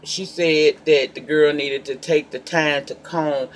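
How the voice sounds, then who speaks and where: A man hosting a celebrity gossip vlog in a sassy, emphatic way, talking straight to his viewers and breaking into loud, pointed bursts between calmer asides. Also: fairly high pitch, a little slow, slight background noise. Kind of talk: casual gossip commentary.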